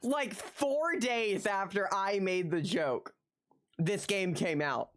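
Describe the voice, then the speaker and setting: On her live stream, a woman talks informally to viewers in a medium-pitched voice, taking her time. She gets excited, swears freely, and says the same phrase again and again.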